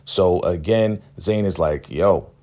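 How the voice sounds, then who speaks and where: A man casually recapping a TV episode in a slangy, animated way, often checking in with "right?". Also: sits low, moderate pace. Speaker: show recap host.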